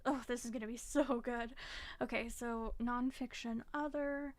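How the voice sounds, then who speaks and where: A woman's voice: a little high, fairly even intonation, a little slow. A young woman vlogging about her reading, chatty and frank, with the occasional curse when she gets frustrated. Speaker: book vlogger. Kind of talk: casual chat.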